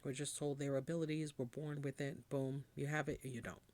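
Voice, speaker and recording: A woman's voice: very deep voice, little pitch movement, brisk, darkish tone. A woman, hosting a podcast as a casual, rambling monologue, blunt and chatty with casual swearing. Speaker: podcast host.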